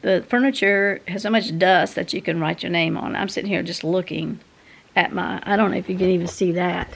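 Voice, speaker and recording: A woman's voice: on the low side, steady tone, a little fast, creaky. A woman, rambling casually to her viewers in a home vlog. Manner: chatty, rambling, talks to viewers directly. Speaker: vlogger. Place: home, indoors.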